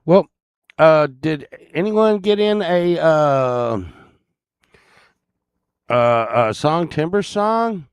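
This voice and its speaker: Man, channel host, casual crude rambling chat, slightly high, very animated pitch. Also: extremely slow, pauses often, clear, resonant tone, no room sound, clean studio sound. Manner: rambling and crude, with a joking grumble.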